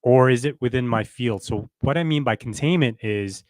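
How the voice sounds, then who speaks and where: A man's voice: mid-range voice, moderate pace, a little mellow, no echo. Man explaining in a dry, close sound. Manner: reflective, explains with everyday examples and frequent "right?". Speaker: podcast co-host. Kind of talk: casual relationship coaching talk.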